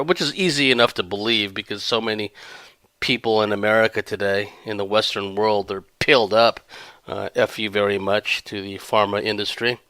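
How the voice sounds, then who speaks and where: Male podcast host, rambling sardonic commentary, smooth and resonant voice. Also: fairly low pitch, pushed and bright, no echo. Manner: rambling, sardonic, breaks into laughter. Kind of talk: monologue commentary.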